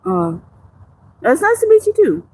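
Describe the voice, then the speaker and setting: A woman with a high-pitched, darkish voice and huge pitch swings speaks a little slowly on a casual livestream, reading viewer comments. She jokes, swears freely, and rambles, frequently starting sentences over.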